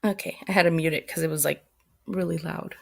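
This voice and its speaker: This livestream host is a woman with a deep, creaky voice, fairly even intonation and a slightly fast pace. In casual live commentary, she chats loosely and reads viewer comments while rambling.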